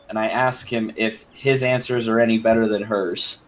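A man's voice: fairly low pitch, steady tone, moderate pace, a little hiss or hum, rough recording. A man playing a tabletop game character in a dry, curt and formal manner. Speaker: player.

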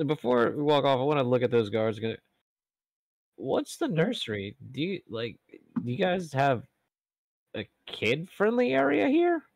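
A man's voice: medium pitch, big pitch swings, moderate pace, vocal fry, dry recording. Brief: male player, casual, wry, dry close sound. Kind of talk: casual play at a tabletop game.

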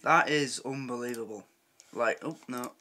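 A man's voice: mid-range voice, moderate pace, pushed and bright, a little hiss or hum. A man hosting a reaction video, chatting in a rambling, openly moved way. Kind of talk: casual reaction commentary.

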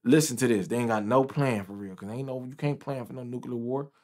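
A man ranting and reacting to news clips, loud and profane, repeating his points over and over. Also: medium pitch, a little fast. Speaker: commentator.

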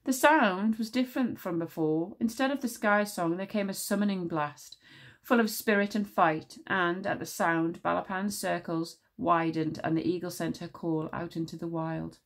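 A woman's voice: fairly low pitch, normal speed. Woman teacher reading a children's novel.

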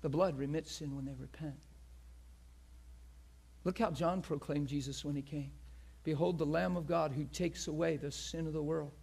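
A man preaching a passionate sermon, swinging from loud, shouted peaks to hushed, near-whispered lines and acting out the crowd with gasps. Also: a little high, steady tone, moderate pace, creaky, husky. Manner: acts out quoted crowd voices with gasps.

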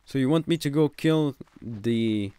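A man's voice: mid-range voice, a little slow, warm tone, clear, resonant tone, dry recording. A man giving gameplay commentary, ranting in irritation at other players. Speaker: gaming YouTuber.

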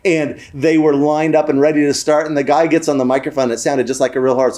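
A man telling a family story in a warm, lively storytelling manner for a family worship program. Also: mid-range voice, a little fast.

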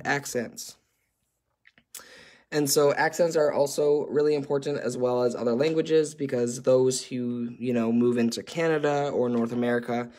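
Man, workshop facilitator, conversational, hesitant ums, mid-range voice. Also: mid-range voice. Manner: conversational, with frequent ums and uhs. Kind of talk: explaining a workshop chart.

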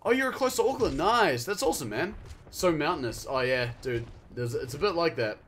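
A young man with a New Zealand accent, chatting casually and excitably while streaming a game, swearing and yelling at the action. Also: a little high, normal speed, noisy background. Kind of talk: casual live-stream gameplay chat.

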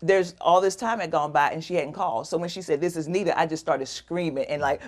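Lively middle-aged woman telling her story. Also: low-pitched, brisk. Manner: animated, acts out quoted voices. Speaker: guest. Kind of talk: emotional personal storytelling.

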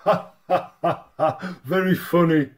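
A man's voice: fairly high pitch, unhurried. A man hosting a parody news report in a mock-serious, bantering tone. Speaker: comedy news anchor.

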